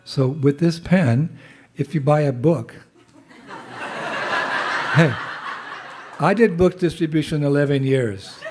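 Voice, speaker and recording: A monk with a cold giving a humorous, conversational temple talk as guest speaker. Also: male voice, fairly high pitch, slow, pauses often, heavy background noise. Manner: humorous storyteller, loose and conversational. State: has a cold. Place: temple hall.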